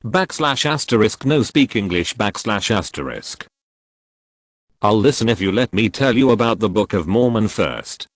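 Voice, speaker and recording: Low synthetic-sounding male narrator. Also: expressive, moderate pace, breathy edge, dry recording. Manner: reads symbols and acronyms out literally. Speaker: reader of online posts. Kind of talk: scripted narration.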